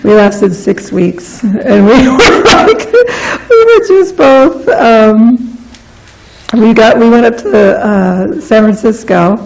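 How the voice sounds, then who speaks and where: Middle-aged woman, memorial eulogy, unhurried and gravelly, laughs through her stories. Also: on the high side, slight background noise, rough recording. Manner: laughing, animated storytelling that turns tearful and soft. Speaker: memorial speaker. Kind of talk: personal eulogy storytelling.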